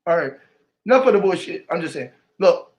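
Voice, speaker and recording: A man talking to camera in a rambling, emotional monologue, swearing often and swinging between loud outbursts and low mutters. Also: big pitch swings, brisk. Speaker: vlogger.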